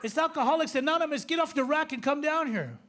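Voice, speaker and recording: A man doing a brash, loud jailhouse inmate, pitched well above his own voice and hollering fast across a cell block. The figure is a tough recruiter who teases as he calls. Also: animated, a little hiss or hum.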